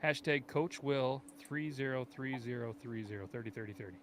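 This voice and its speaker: A man hosts a casual podcast and trades easygoing banter with his co-hosts. His voice sits at a middle pitch, and faint noise runs underneath. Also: moderate pace. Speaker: podcast host.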